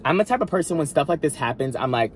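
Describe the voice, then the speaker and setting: A man vlogging a storytime, talking straight to his viewers in an animated, dramatic way, full of asides and restarts. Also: fairly high pitch, fast talker, a little hiss or hum. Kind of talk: storytime monologue.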